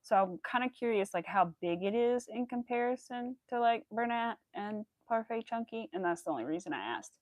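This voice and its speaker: A woman's voice: a little high, expressive, fairly quick, hardly any pauses, darkish tone, dry recording. A young woman chatting casually and rambling with fillers while she crochets on a livestream. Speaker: crochet streamer.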